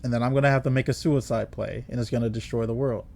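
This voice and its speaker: A man's voice: mid-range voice, steady tone, quick pace, gravelly, darkish tone. A man hosting a let's play, casually reacting to the game as he plays. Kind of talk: gaming commentary.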